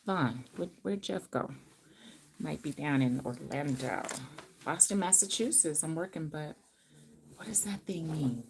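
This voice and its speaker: A woman's voice: deep voice, unhurried, darkish tone, a little hiss or hum. A middle-aged woman hairstylist hosting a casual livestream from her salon, chatting to viewers by name while she works. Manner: chatty, talks to viewers by name, sings little bits.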